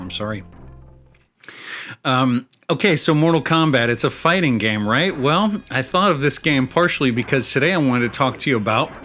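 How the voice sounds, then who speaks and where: A man's voice: medium pitch, pushed and bright. Rambling male gaming host. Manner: rambling, with fillers, restarts and chuckles. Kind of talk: casual chat while playing a video game.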